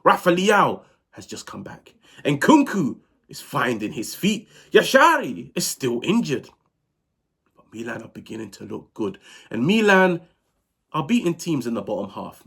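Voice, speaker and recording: A man hosting a football match reaction video, telling it in a dramatic, animated way while he is sick. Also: fairly high pitch, moderate pace, vocal fry, slightly rough. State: sick, unwell. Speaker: football channel host.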